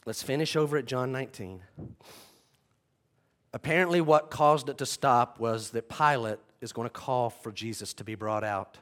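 A man's voice: mid-range voice, normal speed, fairly bright tone. A man preaching a sermon, retelling scenes dramatically and acting out the voices of the people in them. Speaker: pastor.

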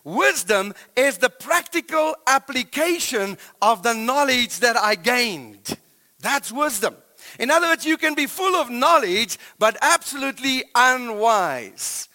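A middle-aged man with a South African accent, preaching a sermon as a pastor in animated storytelling, swinging between loud and hushed. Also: extremely high pitch, a little slow, long reverb tail.

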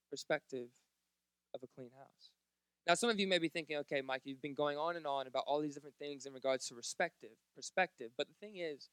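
A man's voice: fairly high pitch, fairly bright tone, clean tone, no echo, studio quality. A man preaching a sermon at a church service, joking and chatting directly with the congregation. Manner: jokey, chatty, talks straight to the congregation. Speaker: pastor.

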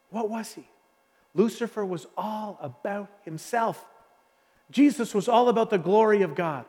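High-voiced preacher with long reverb. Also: male voice, expressive, a little mellow. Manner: passionate preaching with dramatic pauses and repetition. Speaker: pastor. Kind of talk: sermon.

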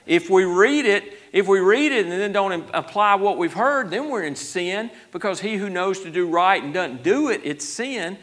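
A man's voice: high-pitched, expressive, moderate pace, hardly any pauses, a bit bright. Folksy man preaching. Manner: folksy, conversational, many restarts, grows emphatic. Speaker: pastor. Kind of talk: sermon Bible study.

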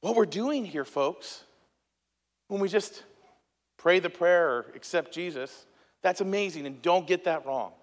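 A man's voice: sits high, measured pace, pauses often. A man in his thirties preaching a sermon as a pastor, telling stories in a conversational, emphatic way with asides to the congregation. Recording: echoey hall.

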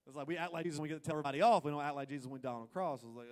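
A male pastor with a fairly high-pitched voice delivers a sermon. He drops to soft, close asides, then builds to loud, emphatic preaching. He slips into playful quoted voices to act out what people think. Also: very fast.

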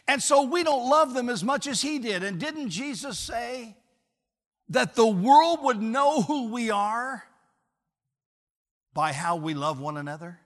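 A male pastor delivers a sermon in a high-pitched voice that carries through a church sanctuary. His words ring out with a long, lingering reverb. He presses his points with passion and gradually softens into quiet tenderness. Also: lively intonation, unhurried. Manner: impassioned, then softening to a hushed close.

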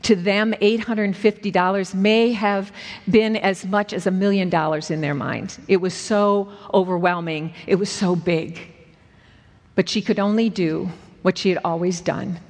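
Woman preacher telling a story earnestly, mid voice, big echoey church sound. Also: mid-range voice. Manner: earnest, slows down for dramatic moments. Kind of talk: sermon storytelling. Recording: echoey hall with long reverb.

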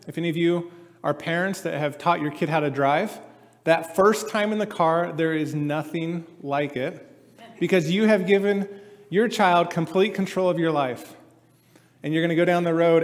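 A man in his forties preaches a sermon in a somewhat raised voice. He keeps it conversational and acts out the people he quotes. His voice rings with the long reverb of a large hall. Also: on the high side. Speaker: pastor.

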